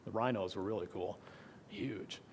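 Man preaching with loud and hushed swings. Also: fairly low pitch, normal speed, a little hiss or hum. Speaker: pastor. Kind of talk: sermon.

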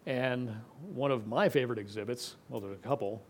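A middle-aged male pastor delivering an expository sermon at a middle pitch. He reads scripture and explains it plainly, now pressing words with force, now dropping to a near hush. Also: brisk, slight background noise. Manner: expository preaching, swings from emphatic to hushed.

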